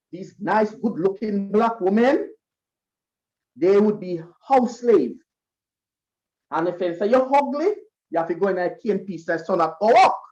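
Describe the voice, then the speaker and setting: Slow-talking Jamaican man at a school concert. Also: very high-pitched, dull audio. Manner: lively storyteller who acts out quoted voices. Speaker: school event emcee. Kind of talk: speech to students at a school concert.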